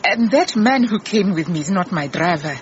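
A woman playing a calm, motherly detective. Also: on the low side, normal speed, slight background noise, close to an everyday voice. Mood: uneasy. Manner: calm, peacemaking. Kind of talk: radio drama acting. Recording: dull lo-fi radio drama recording.

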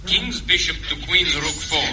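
An actor voicing foreign radio operators who speak clipped, broken English in a 1970s TV sitcom. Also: male voice, fairly high pitch, normal speed, lightly acted. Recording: dull old TV audio with hiss.

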